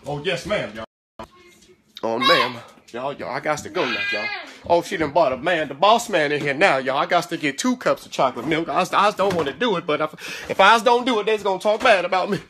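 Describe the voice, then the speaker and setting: A woman voicing a frightened, hurried servant who stammers and begs not to be punished. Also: sits low, expressive, background noise, voice pushed up. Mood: frantic pleading. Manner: stammering, repeating words, begging. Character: frantic pleading old-time servant, fearful and hurried.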